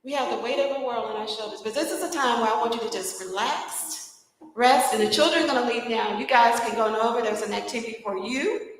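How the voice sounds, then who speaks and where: A woman emcees a live community gathering in a lively, chatty way, breaking into laughter between remarks. Her voice sits a little high. The sound carries a heavy echo with a long reverb tail from a large church hall. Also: brisk. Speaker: event emcee. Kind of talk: live event announcing.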